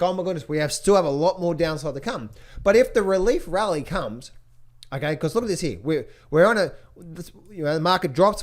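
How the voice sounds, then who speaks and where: A man giving casual market commentary to his viewers, excitable and repetitive, often restarting his phrases. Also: on the high side. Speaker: trading educator.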